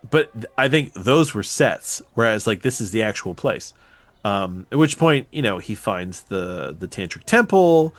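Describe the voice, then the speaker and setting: Animated man recapping a film. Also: fairly low pitch, no room sound. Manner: animated, profane storytelling. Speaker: podcast host.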